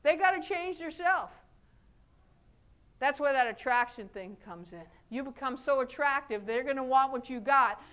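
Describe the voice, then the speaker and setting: High-pitched woman giving a motivational talk, folksy and animated, laughs a lot, acts out what people said. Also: normal speed. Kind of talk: motivational speech to an audience.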